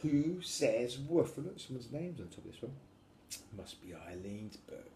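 A man's voice: fairly low pitch, very animated, moderate pace, echoey room, background noise. A father reading a picture book aloud to his young children in a sing-song way, making the animal noises himself.

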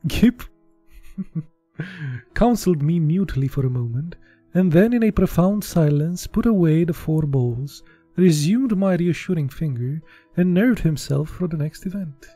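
A man's voice: fairly high pitch, lively intonation, a little slow, warm tone, slightly rough, no room sound, soft background music. A man from Eastern Europe doing a casual, unpolished live reading of a book, with slips and restarts. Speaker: audiobook reader.

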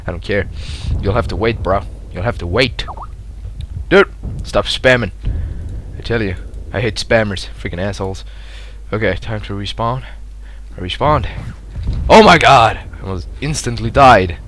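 A young man giving live commentary over a shooter game, excitable and foul-mouthed, laughing at his own blunders. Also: unhurried, slight background noise. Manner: excitable, swears a lot, laughs at himself, swings from loud yelps to low mutters. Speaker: gameplay commentator.

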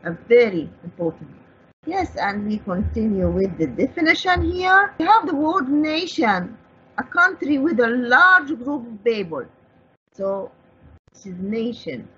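A woman's voice: a little high, fairly bright tone, slight background noise. A woman with an Egyptian accent, an Arabic speaker teaching an English vocabulary lesson, who asks and answers her own questions as she explains each word. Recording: dull lo-fi broadcast audio.

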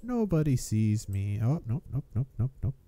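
A man's voice: medium pitch, sing-song, moderate pace, warm tone, no room sound. A man casually commenting on his own gameplay, playful and chuckling as he goes. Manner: playful, chuckling, self-narrating. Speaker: gamer, video host.

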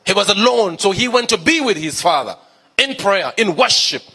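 A man's voice: high voice, lively intonation, normal speed, sharp tone, husky. A male pastor preaching a sermon, emphatic, repeating key phrases and asking the congregation questions.

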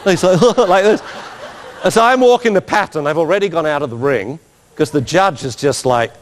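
A man giving an animated talk as a dog trainer, telling stories with laughter and mimicked sounds. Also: a little high, moderate pace, long reverb tail. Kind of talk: animated anecdotal lecture.

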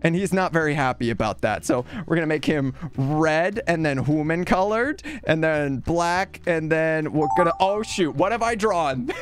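Playful high-voiced man narrating his drawing. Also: clear, resonant tone. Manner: playful, narrates each stroke, mock announcer bits. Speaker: gaming video host. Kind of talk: casual commentary while drawing.

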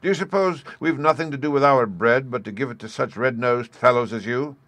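A man voicing a greedy, harsh grown brother who snaps loudly and bullies. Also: mid-range voice, brisk, no room sound, voice pushed up, close to an everyday voice. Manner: loud, snapping, bullying.

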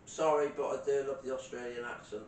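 A man's voice: fairly even intonation, brisk. Chatty British man, distant roomy sound. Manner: laughs often, teasing and chatty. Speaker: paranormal livestream host. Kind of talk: casual livestream chat. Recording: roomy, distant, faint rumble.

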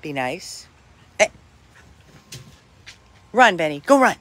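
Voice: unhurried, a bit bright. Older dog rescuer coaxing a puppy. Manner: talks to the dog in high coaxing calls between plain remarks. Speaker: dog rescuer showing a dog for adoption. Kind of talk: casual talk while playing with a dog. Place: home with a dog, in hot weather.

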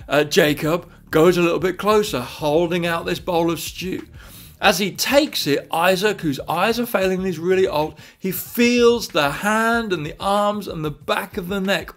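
Brief: man storyteller, slightly high voice, animated, dynamic delivery. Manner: animated, swings between quiet and loud. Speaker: church leader. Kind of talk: retelling a Bible story.

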